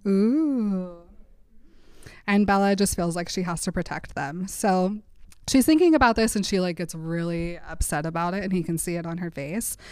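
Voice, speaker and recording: A woman co-hosting a podcast, retelling a book's story in a casual, animated way and slipping into playful quoted voices. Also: fairly low pitch, a little fast, clean tone, no echo, studio quality. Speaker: podcast co-host. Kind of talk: casual chat recapping a book.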